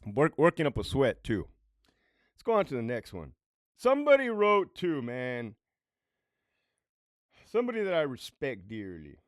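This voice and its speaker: A man's voice: medium pitch, normal speed, pauses often, no room sound, studio quality. A middle-aged man, a former correctional officer, telling prison stories in a profane, worked-up way and keeps asking "right?". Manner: animated and worked up. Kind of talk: storytime commentary.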